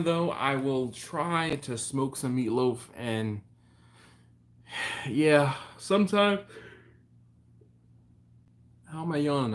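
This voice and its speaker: A man hosting a live stream from home, casually greeting chat viewers by name and rambling between topics. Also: mid-range voice.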